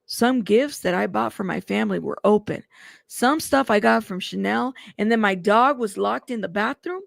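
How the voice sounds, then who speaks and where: A woman's voice: mid-range voice, normal speed, creaky, no room sound, studio quality. A woman reading out a male celebrity witness's testimony in court, giving short, plain answers.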